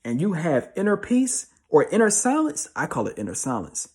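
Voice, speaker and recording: Young male motivational speaker, husky voice, street slang, hammers points with repetition. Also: sits high, huge pitch swings, normal speed. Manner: slangy, emphatic, repeats himself. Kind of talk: motivational monologue.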